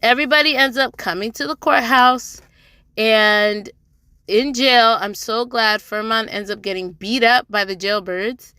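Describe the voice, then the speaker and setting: A young woman talks through a TV drama episode in a relaxed, chatty recap. Her voice is bright and forward, and the sound is dry and close. She throws in sassy asides to the characters. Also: a little high, measured pace, clean tone, no room sound. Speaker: TV drama reviewer.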